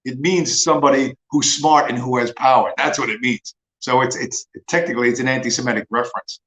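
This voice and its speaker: A man's voice: medium pitch, fairly even intonation, a little fast, fairly bright tone. Profane ranting man in echoey room. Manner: profane, sarcastic, mocking. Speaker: livestream host. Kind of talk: casual ranting monologue.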